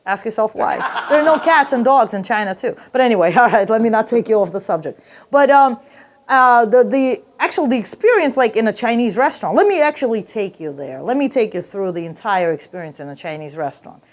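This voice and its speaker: A woman's voice: fairly high pitch, animated, brisk. A woman performing a stand-up comedy routine, telling a brash, profane story and jumping into character voices.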